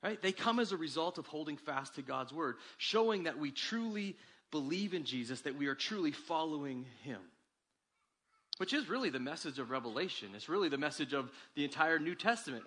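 Husky and a little fast, this pastor's sermon delivery is animated, rising for emphasis before sinking low and quiet.

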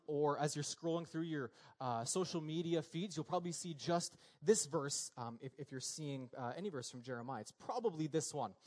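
A young male pastor delivers a sermon in a relaxed, conversational way. His voice sits a little higher than most men's, and he often stops on fillers and repeats words as he finds the next phrase.

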